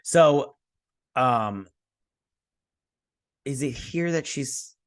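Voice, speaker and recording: This TV show reviewer speaks very slowly in a medium-pitched male voice, casually recapping an episode. His animated delivery wanders through fillers and restarts as he performs characters' dialogue. Sound is dry, studio-grade.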